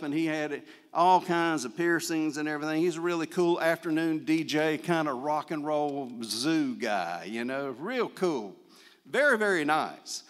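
An older man telling a folksy, animated testimony as a guest speaker at a church service. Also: on the high side, clear, resonant tone, in a large hall. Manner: folksy, animated storyteller with frequent praise interjections. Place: church sanctuary.

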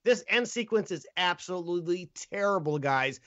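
Bright high-voiced man riffing on a movie. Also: expressive, moderate pace, no room sound, lo-fi sound. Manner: reads scripted jokes with stumbles and laughs. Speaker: podcast host. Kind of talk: casual comedic movie review.

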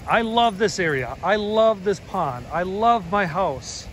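Man in his 30s with a high voice, dramatic outdoor vlogger, handheld camera with noisy outdoor background. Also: expressive, measured pace, a bit bright. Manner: earnest and dramatic, addressing viewers as folks. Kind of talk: casual outdoor vlog walk-and-talk. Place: outdoors by a pond. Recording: outdoor ambient noise.

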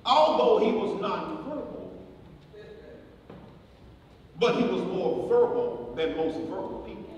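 A man, a pastor, preaching a eulogy sermon with animated storytelling and repetitions, recorded from a distance in a church sanctuary before a congregation. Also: sits high, normal speed, lo-fi sound. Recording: echoey church hall recorded from far off, crowd audible.

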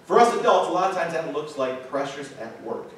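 A man preaching a sermon with emphatic delivery and dramatic slow pauses. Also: fairly high pitch, animated, a bit bright. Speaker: pastor. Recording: echoey distant church sound with faint room noise.

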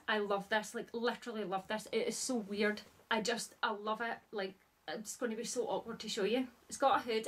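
A woman, chatting casually as a vlogger and gushing with lots of fillers. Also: medium pitch. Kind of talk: casual chat.

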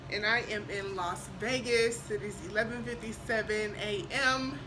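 A young adult woman chatting in a vlog as a flight attendant, excited and emotional, with lots of fillers. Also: fairly high pitch, background noise. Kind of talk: casual vlog chat.

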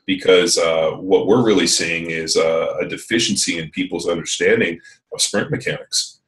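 A deep-voiced man talks loosely on a podcast, rambling through fillers and dropping curse words as he goes. His voice sits a little back from the microphone, so it sounds slightly distant. The pace stays easygoing and conversational. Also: steady tone, moderate pace, fairly bright tone, reverberant. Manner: rambling and profane, lots of fillers. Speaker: podcast host. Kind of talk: casual podcast chat.

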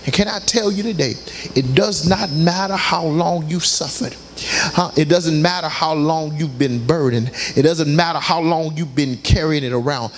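A man's voice: fairly high pitch, moderate pace, slight background noise. A man preaching a passionate sermon in a church, tossing out call-and-response asides to the congregation. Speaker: pastor. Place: church sanctuary.

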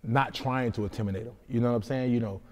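A young MMA fighter answers interview questions loosely and ramblingly, often tacking on "you know what I'm saying." His mid-range voice moves quickly with fairly even intonation, recorded with hall reverb.

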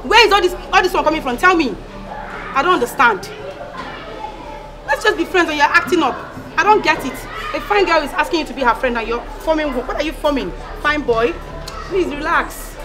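A woman's voice: sits high, fairly quick, lightly acted. An actress with a Nigerian accent playing a sassy, manipulative young female student who mocks and pleads by turns. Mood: mocking. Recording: film soundtrack with music and crowd noise.

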